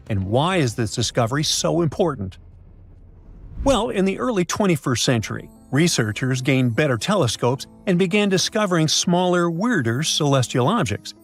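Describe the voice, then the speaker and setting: A man giving scripted science narration in a dramatic, playful way with jokey asides. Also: fairly high pitch. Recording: faint music behind.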